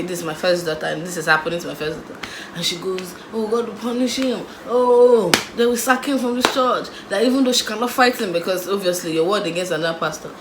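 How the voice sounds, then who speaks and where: A young Nigerian woman in a casual storytime vlog, lively and acting out the people in her story. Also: on the low side, echoey room, background noise. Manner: animated, acts out voices of the people in her story. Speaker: vlogger.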